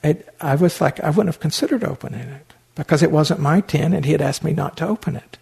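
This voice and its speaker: A man's voice: a little high, brisk, creaky, a little mellow, breathy edge. An older man and meditation teacher telling a story in a dharma talk, wry and anecdotal, with many fillers and restarts.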